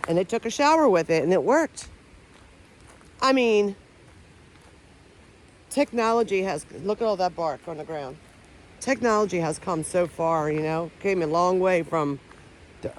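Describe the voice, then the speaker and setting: There's a little hiss or hum behind this woman's lowish voice. A paranormal vlogger filming among trees, she talks to the camera in a loose, rambling way, often unsure and repeatedly restarting her sentences.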